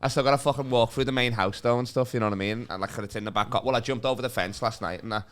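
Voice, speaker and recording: A man's voice: mid-range voice, rapid-fire, a bit bright. A young man, a comedy podcast guest telling rambling, sweary stories in casual banter. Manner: sweary, rambling storyteller with frequent laughs. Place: club green room.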